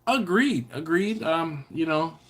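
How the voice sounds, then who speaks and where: A man's voice: a little high, expressive, slow pace. A man hosting a live barbecue stream, chatting casually and reading out viewer comments with playful teasing. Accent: Maryland. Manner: chatty, reads out viewer comments and teases them. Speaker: BBQ channel host. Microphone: computer or phone setup.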